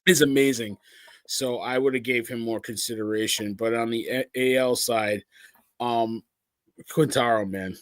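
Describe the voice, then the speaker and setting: A man's voice: mid-range voice, steady tone, normal speed, no echo. A man co-hosting a podcast, giving easygoing, rambling opinions on baseball. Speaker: podcast co-host. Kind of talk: casual sports chat.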